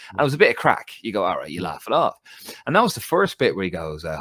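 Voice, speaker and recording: An Irish man co-hosting a podcast, chatting casually about football, animated and swearing freely as he rants. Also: low voice, fast talker, hardly any pauses, no room sound, studio quality. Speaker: podcast co-host.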